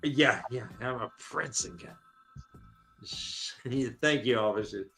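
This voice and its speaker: A man co-hosting a casual podcast and retelling a story, acting out its characters in quick, profane, jokey asides. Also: medium pitch, gravelly, fairly bright tone, faint music behind. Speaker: podcast co-host recapping a book.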